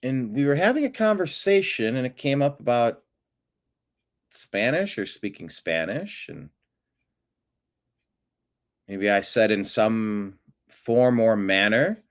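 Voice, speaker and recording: A man's voice: mid-range voice, very animated, slow pace, pauses often. Rambling, amused male show host. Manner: rambling, amused, frequent restarts. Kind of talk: casual news commentary.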